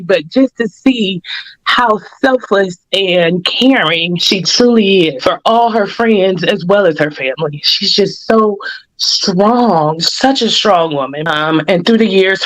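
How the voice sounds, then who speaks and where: A woman's voice: mid-range voice, slow, poor audio. A woman paying tribute to a close friend on a podcast, teasing and affectionate, often acting out remembered conversations. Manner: warm-hearted, teasing, acts out quoted dialogue. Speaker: guest friend.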